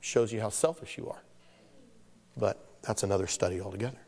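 A man's voice: lowish voice, fairly quick, a little mellow. A man preaching a sermon as pastor, telling stories with self-deprecating humor and acting out the voices of the people in them. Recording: long hall reverb.

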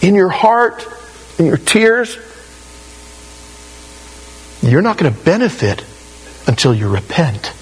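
A man's voice: high voice, slow, long pauses, slightly rough, poor audio. A man preaching a sermon, telling stories with animation and acting out the voices of the people he quotes. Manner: animated storytelling, acts out quoted voices, laughs at his own stories. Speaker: pastor.

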